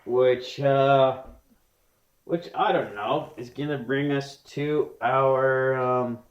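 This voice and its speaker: A young man co-hosting a casual podcast chat, rambling and restarting his sentences, speeding up and slowing down. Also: medium pitch, dull audio. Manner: rambling, restarts often, quick bursts then slow. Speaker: podcast co-host. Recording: roomy echo.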